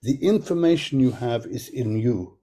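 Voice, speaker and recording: A man's voice: mid-range voice, animated, normal speed, warm tone. An older man speaking on a video call, telling candid stories about his work with frequent restarts. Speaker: guest speaker, choreographer. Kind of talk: reflective talk on a video call.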